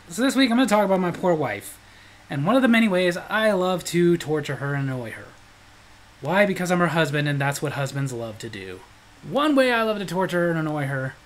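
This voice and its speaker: A man's voice: sits high, rough recording. A man hosting his own show, telling comic stories with jokes and frequent laughter. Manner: joking, animated, laughs often. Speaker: host. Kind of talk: comedic storytelling.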